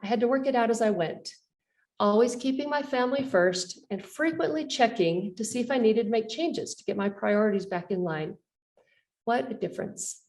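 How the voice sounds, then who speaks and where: A woman's voice: on the high side, moderate pace, a little mellow, distant mic. A middle-aged woman professor giving a personal lecture, telling her story earnestly with light, self-deprecating humor. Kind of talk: personal faith-and-career lecture. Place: university lecture hall.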